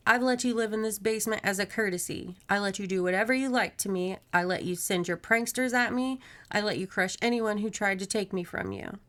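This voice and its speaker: A woman voicing a fierce, defiant mother who shouts commands at a monster in her house. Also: medium pitch, fairly quick, few pauses, close to an everyday voice. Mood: furious.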